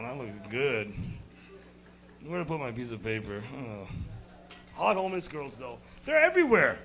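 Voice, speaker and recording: A young American man doing a crude, rambling stand-up set, jumping from loud bursts to muttered asides. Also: sits high, creaky, slight background noise. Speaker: stand-up comedian. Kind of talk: stand-up set at an open mic.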